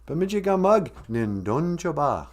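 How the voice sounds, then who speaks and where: A man's voice: a little high, very animated, normal speed. A man from northern Minnesota hosting a comedic live-stream podcast, joking and teasing. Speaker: podcast host.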